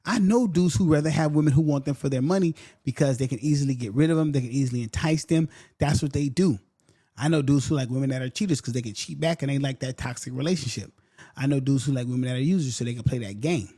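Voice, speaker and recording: A man hosting a podcast in casual, blunt commentary. He repeats his points and briefly mocks other people in quick voices. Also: mid-range voice, mellow, husky. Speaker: podcast host.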